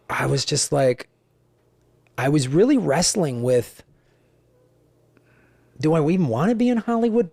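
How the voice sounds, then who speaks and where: A middle-aged man, a guest comedian, telling stories in conversation, animated and profane, acting out the dialogue. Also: fairly high pitch, vocal fry, no room sound. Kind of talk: conversational storytelling.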